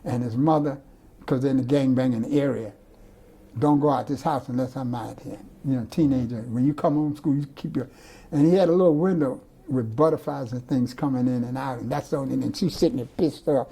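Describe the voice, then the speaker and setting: Mellow, husky older man telling stories. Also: medium pitch, brisk. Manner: rambling, digressive storyteller with restarts. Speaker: artist. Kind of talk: recorded oral-history interview.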